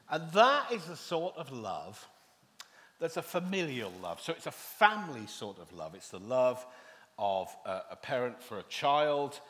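Pastor preaching in a reverberant hall. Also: male voice, medium pitch, fairly bright tone. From England. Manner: wry asides and self-deprecating humour. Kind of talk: sermon.

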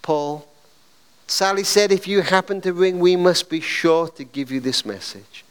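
A man voicing a kind elderly woman who works as a phone operator, speaking gently and apologetically. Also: high-pitched, a little slow, smooth, big-room sound. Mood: gentle, sorrowful.

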